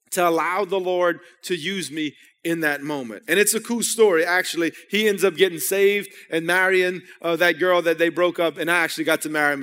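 A young man preaches a sermon, talking as if to friends and often restarting his sentences. His voice sits fairly high for a man. The sanctuary gives it a long trailing reverb. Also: fairly bright tone. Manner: storytelling, conversational with repeated restarts. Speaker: pastor. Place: church sanctuary. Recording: long hall reverb in church.

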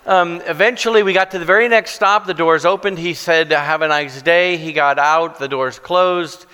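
Halting self-mocking male preacher in a church. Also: sits high, sharp tone, clear, resonant tone. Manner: self-deprecating, halting with many restarts. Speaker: guest preacher. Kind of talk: sermon with storytelling. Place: church sanctuary. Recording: long church reverb.

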